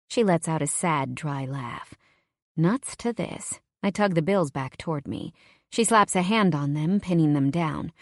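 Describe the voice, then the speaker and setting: Low-voiced woman narrating a romance. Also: animated, a little slow, no room sound, clean studio sound. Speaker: audiobook narrator. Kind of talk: first-person romance narration.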